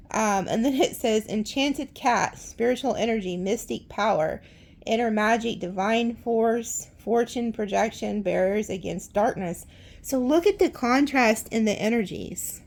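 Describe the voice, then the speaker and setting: A woman's voice: fairly high pitch, creaky, a little mellow. A woman giving a casual tarot reading in a chatty, dramatic way, with blunt slang and frequent laughter. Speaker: tarot reader.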